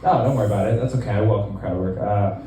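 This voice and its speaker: A man in his twenties doing a stand-up set in a small club, deadpan and rambling, with lots of fillers. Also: lowish voice, quick pace, heavy reverb, distant mic, a little hiss or hum, rough recording. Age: 20s. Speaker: stand-up comedian.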